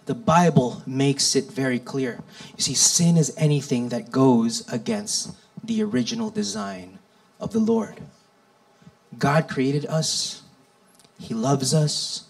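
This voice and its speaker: A man preaching a sermon, reading scripture with slow, deliberate delivery and dramatic rises and drops. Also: mid-range voice, gravelly, poor audio.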